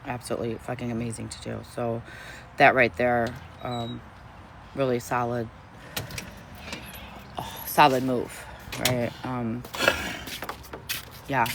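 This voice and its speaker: A woman's voice: very deep voice, level tone, takes it slowly, creaky, long pauses, noisy background. A woman chatting casually on a livestream, effusive and gushing, swearing constantly as she talks. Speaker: streamer.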